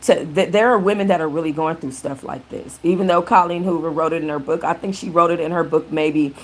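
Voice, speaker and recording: A woman's voice: deep voice, fairly even intonation, fairly quick. A woman hosting a casual live-stream book chat, chatty and prone to restarting sentences. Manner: chatty, restarts often, thanks viewers mid-sentence. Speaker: book channel host.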